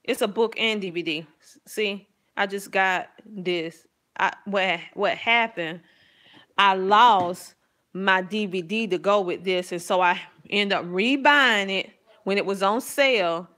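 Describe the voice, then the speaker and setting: A middle-aged woman, a homeschooling mom, chatting casually and enthusiastically about her family's math books, rambling a little and laughing softly. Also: medium pitch, unhurried. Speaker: homeschooling mom reviewing curriculum. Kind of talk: casual chat to camera.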